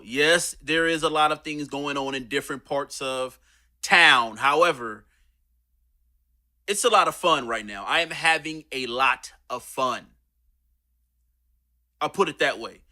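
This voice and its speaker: Bright, upbeat male vlog host. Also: fairly high pitch, expressive, normal speed. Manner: upbeat and chatty. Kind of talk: casual vlog intro.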